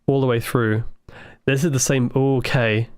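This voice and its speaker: Excitable man streaming a puzzle game. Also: mid-range voice, clear, resonant tone, no room sound, studio quality. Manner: thinking aloud, excitable, quick asides to chat. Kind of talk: live gameplay commentary.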